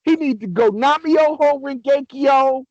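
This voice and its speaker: A young man on a casual sports podcast, ranting excitably and swearing a lot. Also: very high-pitched, a little slow, no echo, highs cut off. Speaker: podcast co-host.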